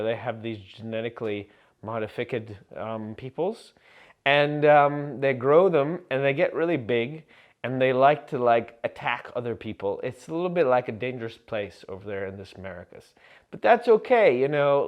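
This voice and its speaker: A man vlogging to camera in a rambling, absurd comic monologue full of fillers and deadpan jokes. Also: mid-range voice, dull audio.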